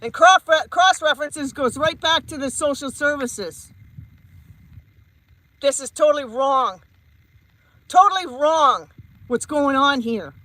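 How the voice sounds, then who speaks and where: A woman's voice: sits high, animated, slow pace, pauses often, sharp tone, no room sound, rough recording. A woman, a psychic medium, giving a heated vlog rant and repeating her points emphatically. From Canada.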